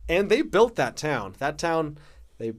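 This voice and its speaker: A man co-hosting a casual film podcast, chatty and full of quick asides, laughing often. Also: fairly high pitch, sing-song. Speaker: podcast co-host.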